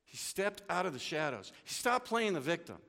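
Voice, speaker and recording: A man's voice: fairly high pitch, sing-song, moderate pace, gravelly. Preacher man in a reverberant hall. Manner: dramatic swings from hushed to loud. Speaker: pastor. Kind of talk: sermon.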